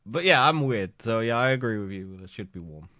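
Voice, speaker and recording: A man's voice: on the low side, lively intonation, fairly quick, pushed and bright, no echo, clean studio sound. A man who is sick, co-hosting a podcast in casual chat, rambling and joking with lots of fillers and laughs. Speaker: podcast co-host. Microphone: studio microphone.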